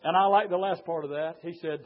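A man preaching a sermon, his fervent delivery swinging from low murmurs to loud shouting. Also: fairly even intonation, quick pace, phone-quality sound.

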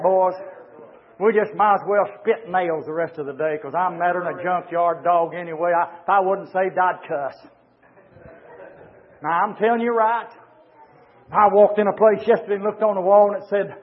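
A middle-aged pastor preaches a fiery sermon, his voice pitched unusually high for a man. He hollers fervently, swinging into sudden loud rises. The recording is tinny and thin, like a phone line. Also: normal speed, big-room sound.

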